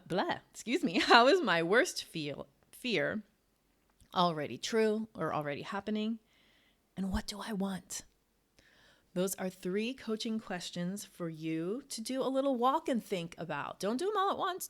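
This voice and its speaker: A middle-aged woman hosting a solo coaching podcast, chatty, with many "like" fillers and frequent laughs. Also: medium pitch. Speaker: academic writing coach and podcast host. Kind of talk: casual solo podcast talk.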